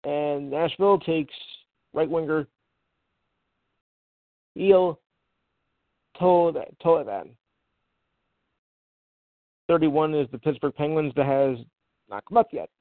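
A man's voice: a little high, slow pace, long pauses, no room sound. A man hosting a casual sports show, reading draft picks and tripping over hard names with offhand asides. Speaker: podcast host reading sports news. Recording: tinny phone line.

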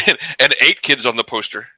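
A man's voice: mid-range voice, bright, forceful tone, no echo, poor audio. A man co-hosting a casual movie review podcast, joking and laughing often. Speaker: podcast co-host.

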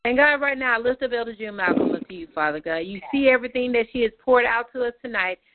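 A woman's voice: on the high side, quick pace, no room sound. Woman praying over a tinny phone line. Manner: fervent, repetitive prayer cadence. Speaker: prayer meeting moderator. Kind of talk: spoken prayer over a phone call.

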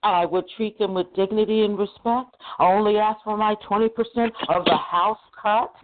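A woman's voice: medium pitch, steady tone, normal speed, no room sound. A woman hosting a casual podcast chat, talking emphatically and repeating her points. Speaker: podcast host. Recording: tinny phone line.

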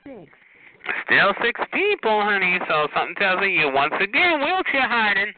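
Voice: mid-range voice, very animated, normal speed. A chat line caller roasting another caller in a mocking, taunting way, laughing often and drawling endearments. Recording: tinny phone line with loud hiss.

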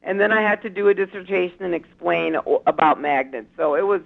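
A woman's voice: fairly low pitch, brisk, gravelly, narrow, tinny audio. A woman co-hosting a radio show, chatting casually and rambling with many fillers and restarts. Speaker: radio co-host.

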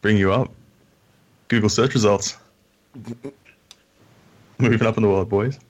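An Australian man with a fairly low voice joins a podcast as a guest. He talks in easy, casual chat and keeps dropping wry, joking remarks. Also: steady tone, unhurried, muffled recording.

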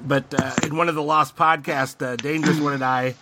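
A man's voice: on the high side, steady tone, a little fast, noisy background. A man hosting a casual podcast, talking hesitantly with many filler sounds. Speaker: podcast host.

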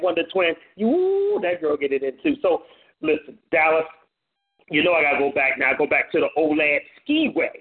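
A man hosting a call-in radio show as DJ, playful and animated, hyping up callers and listeners. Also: fairly high pitch. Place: home studio on a phone-in internet radio show. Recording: tinny phone-line audio.

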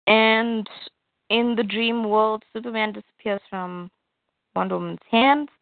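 A woman's voice: a little high, fairly even intonation, a little slow, vocal fry, dry recording, phone-quality sound. Casual comic recap from a woman, dry sound, kinda phone-y. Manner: chatty, retells scenes with "she's like". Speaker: comic reader and narrator. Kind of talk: casual comic book retelling.

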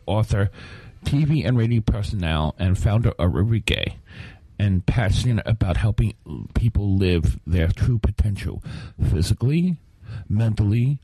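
Co-host, male, from New York: lowish husky voice with lively intonation, announcer delivery. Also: no room sound, poor audio. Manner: formal, announcing. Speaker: radio co-host. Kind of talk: announcer introduction.

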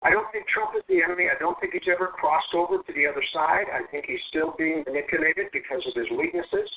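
Emphatic man with a high gravelly voice. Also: very animated, fast. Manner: assertive, emphatic, matter-of-fact. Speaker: guest, military veteran. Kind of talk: political talk, interview. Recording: tinny phone-line audio.

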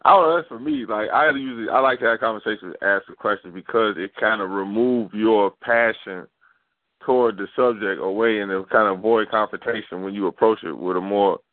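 A man in casual chat who rambles, uses slang and throws in animated asides, as a co-host. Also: fairly low pitch, fairly quick, no room sound. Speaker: podcast co-host. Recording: dry, phone-like lo-fi sound.

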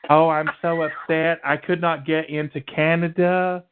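A whiny, upset woman in a raised, sing-song voice, as a man puts her on, drawling her words out slowly. The sound is thin and tinny like a phone call. Pitched well above his usual speaking voice. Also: flat delivery, smooth, close to an everyday voice.

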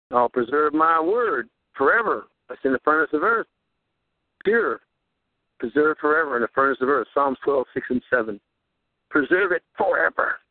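A man hosting a radio show, preaching in a fervent, repetitive ramble and rising high on rhetorical questions. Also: no room sound. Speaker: radio host. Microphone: handheld recorder. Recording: tinny phone-like radio audio.

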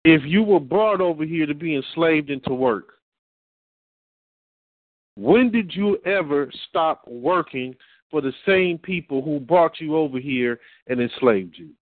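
An emphatic male preacher lectures with insistent repetition, slowing down to stress each phrase. The audio is dry and tinny, as if heard over a phone line. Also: on the high side, lively intonation, no room sound. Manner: emphatic, repeats and reads slowly for stress.

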